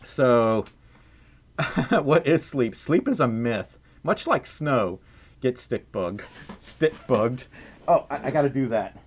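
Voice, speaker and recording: A man's voice: medium pitch, lively intonation, slow pace, slightly rough. A man with a Southern US accent, hosting a casual livestream, silly and giggly, reading out donations and chat. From Mississippi, US South. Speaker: livestream host. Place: indoors at home, wearing a fursuit head.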